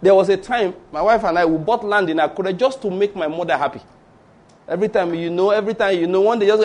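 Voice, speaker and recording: Speaking fast in a voice that sits high and a little mellow, this middle-aged Yoruba-accented Nigerian man preaches a sermon. As a pastor he leans on emphatic storytelling, driving his points home through repetition.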